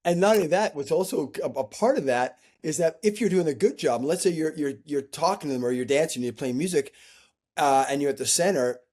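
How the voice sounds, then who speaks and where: Male interview guest, conversational and animated, playful quoted voices. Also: a little high, a little fast. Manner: animated, acts out quoted voices, frequent restarts. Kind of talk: reflective conversational storytelling.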